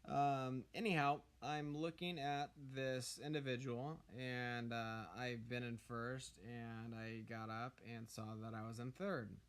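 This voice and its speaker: Hoarse male gaming YouTuber, unhurried halting delivery, clean smooth tone; casual strategy tips. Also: mid-range voice, flat delivery. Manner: hesitant, many ums and uhs. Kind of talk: casual game tips commentary.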